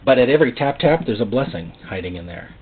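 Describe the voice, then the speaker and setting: Guy preaching, big up and down voice, kinda husky, tinny phone-ish sound. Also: mid-range voice, quick pace. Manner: animated, acts out God's voice and quotes. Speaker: pastor. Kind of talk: sermon.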